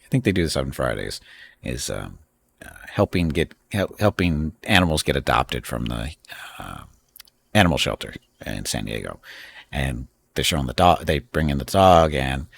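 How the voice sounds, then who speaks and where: Gravelly, very deep-voiced man chatting. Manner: rambling, chatty, laughs often. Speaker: streamer host. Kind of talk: casual live-stream chat.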